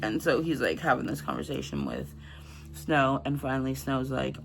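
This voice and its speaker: A man's voice: medium pitch, sing-song, moderate pace, vocal fry, background noise. A man casually recapping a novel's plot in a chatty, filler-heavy way. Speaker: book channel host. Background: background music.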